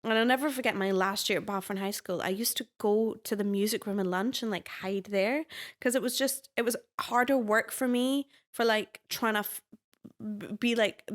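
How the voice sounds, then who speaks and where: A woman in her twenties with a Scottish accent, chatting as a podcast guest in an animated way and laughing easily. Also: mid-range voice. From Scotland. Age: 20s. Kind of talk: casual interview chat.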